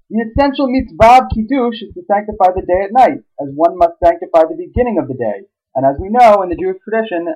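A man's voice: medium pitch, breathy edge. A man teaching a Talmud page. He reads the Aramaic lines and then translates and explains them. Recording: tinny phone-like line.

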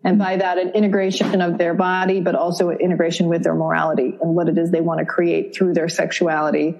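A middle-aged woman from Vermont speaks as a counselor on a podcast, her voice sitting a little low. She explains things in a calm, measured, thoughtful way, building each point step by step. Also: creaky, rough recording. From Vermont, USA. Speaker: relationship and sexuality counselor, guest. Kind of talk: podcast interview.

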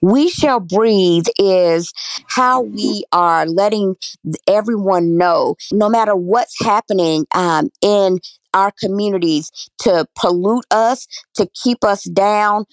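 A woman national organizer explaining her group's annual summit in a measured interview answer. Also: mid-range voice, no echo, low-quality recording.

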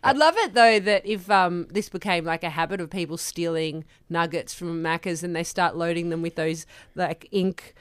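A woman, co-hosting a radio show in quick-witted, giggly banter. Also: on the low side, clear, resonant tone, dry recording. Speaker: radio co-host. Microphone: studio microphone.

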